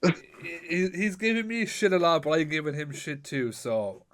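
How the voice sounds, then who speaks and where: A man hosting a casual podcast interview, telling animated stories and swearing freely. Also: a little high, normal speed, a loud crowd. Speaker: podcast host.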